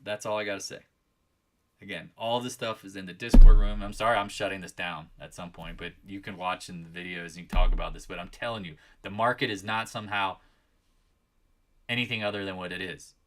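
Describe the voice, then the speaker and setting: A man's voice: deep voice, little pitch movement, brisk, pushed and bright, faint music behind. A man hosting a live market chat, scolding his viewers and raising his voice as he rants. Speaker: trading channel host.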